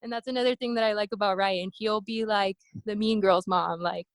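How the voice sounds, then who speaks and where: A woman telling stories from her competition days in a casual interview, acting out quoted voices with animated high-pitched bursts. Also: brisk, no echo. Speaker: interview guest, bikini competitor. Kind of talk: casual storytelling.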